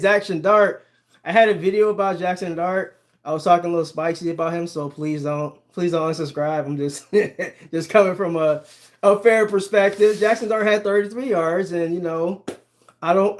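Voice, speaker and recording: A man from Ohio hosting a casual livestream about sports, chatting with viewers, reading their comments aloud and laughing often. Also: sits high. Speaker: sports channel host.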